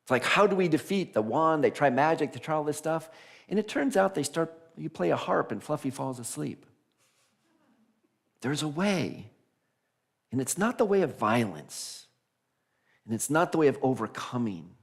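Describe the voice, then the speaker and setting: A man minister preaching a conversational Sunday sermon, animated and laughing as he acts out the voices of figures in his stories. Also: on the high side, moderate pace, gravelly, long pauses. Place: church sanctuary.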